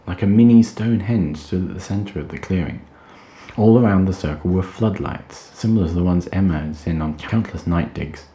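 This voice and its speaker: A man reading fiction aloud at a steady, measured pace. His voice is deep, with a dark, mellow tone. The room around him gives a noticeable echo. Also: a little hiss or hum. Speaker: storyteller. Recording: roomy echo.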